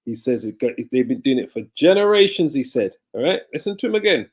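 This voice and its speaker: A man's voice: mid-range voice, sing-song, fast. A man acting as commentator, explaining played clips and restating what was said in them. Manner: explanatory, repeats and restates the quotes.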